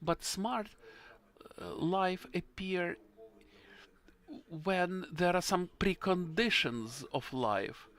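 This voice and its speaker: A man answering as a panelist at a forum, speaking in halting, earnest, emotional English as he searches for words. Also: high-pitched, fairly bright tone.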